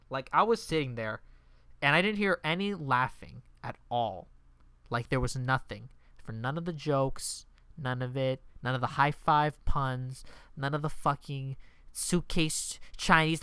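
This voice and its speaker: Man, exasperated profane rant, bright crisp voice, dry close sound. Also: medium pitch, dry recording. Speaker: movie reviewer. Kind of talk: casual rant review.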